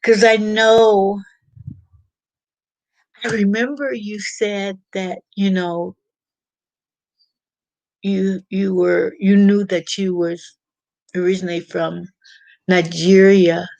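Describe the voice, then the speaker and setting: Casting note: woman livestream host, slow and unhurried, dry close sound, chatty and halting. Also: mid-range voice, flat delivery, creaky, darkish tone, no room sound. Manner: chatty, halting, repeats words while reading chat. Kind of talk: casual livestream chat.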